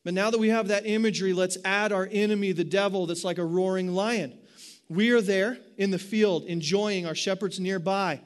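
A man preaching a sermon in an animated way, asking his listeners rhetorical questions. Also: high-pitched, normal speed. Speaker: pastor.

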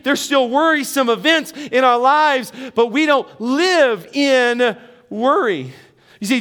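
A man's voice: very high voice, a bit bright, smooth. A middle-aged man preaching a sermon as pastor, earnest and emphatic, with rising bursts of emphasis.

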